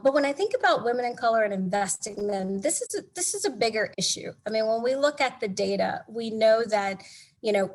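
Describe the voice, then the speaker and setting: A woman speaking as a panelist in an online panel discussion, with an earnest, measured delivery. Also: mid-range voice.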